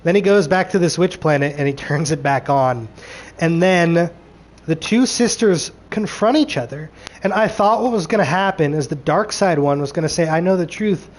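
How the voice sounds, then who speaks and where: A man's voice: on the high side, normal speed. A man rambling through a show recap, exasperated and sarcastic, swearing freely as he picks apart the plot.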